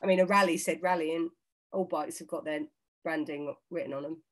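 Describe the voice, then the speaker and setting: A woman's voice: deep voice, fairly even intonation, a little fast. A woman co-hosting an online charity quiz over a video call, teasing and playful in casual comic banter. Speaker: quiz co-host.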